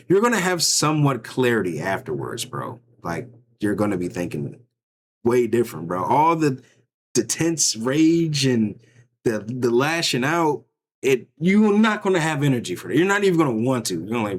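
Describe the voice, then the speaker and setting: A man talking over clips in a loose, slangy way, riffing and joking as he goes. His pitch swings widely up and down, giving the talk a lively, animated sound. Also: moderate pace. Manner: loose, joking, slangy, acts out bystanders' thoughts. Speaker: reaction streamer. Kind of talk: casual commentary reacting to clips.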